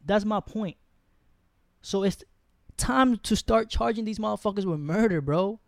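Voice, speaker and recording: Young New guy, heated podcast co-host, higher voice, dry close sound, slangy and blunt. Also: measured pace, gravelly, no echo. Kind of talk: casual podcast chat.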